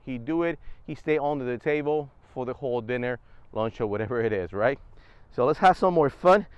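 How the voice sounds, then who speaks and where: Man with a smooth, dry voice. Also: mid-range voice, fairly quick, dry recording, highs cut off. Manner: relaxed step-by-step explaining. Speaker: service dog trainer. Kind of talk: casual instructional vlog. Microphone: wireless clip-on mic.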